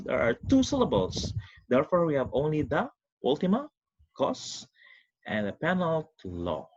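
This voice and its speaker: Husky man teaching with lively swoops. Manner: lively, swooping pitch with slow drawn-out examples. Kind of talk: recorded online lesson. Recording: dull lo-fi recording.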